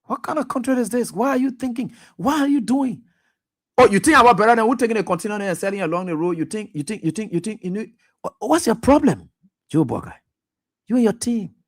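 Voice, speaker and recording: A man's voice: high-pitched, lively intonation, fairly quick. A man hosting a radio talk show, delivering impassioned, accusatory political commentary with repeated pointed questions. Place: radio studio.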